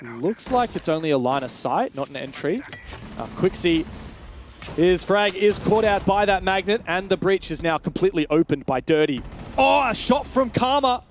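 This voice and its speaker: Aussie guy casting esports, really high voice, fast and shouty on big plays. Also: animated, slight background noise. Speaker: play-by-play caster. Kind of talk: esports commentary.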